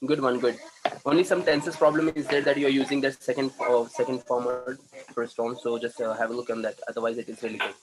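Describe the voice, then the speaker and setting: A man's voice: mid-range voice, little pitch movement, brisk, rough recording. A man teaching an online class, giving encouraging feedback to students and often repeating his praise. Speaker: communication trainer.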